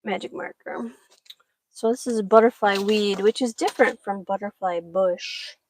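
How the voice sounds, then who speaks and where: A woman's voice: medium pitch, normal speed, no echo. A middle-aged woman chatting casually while potting seeds in a greenhouse, talking to her pets now and then. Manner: chatty, talks to her pets mid-task. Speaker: vlogger. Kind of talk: casual chat while gardening.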